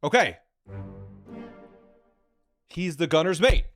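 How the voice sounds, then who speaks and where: A man streaming a puzzle game, thinking aloud in live commentary, excited and quick to repeat himself. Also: a little high, soft background music.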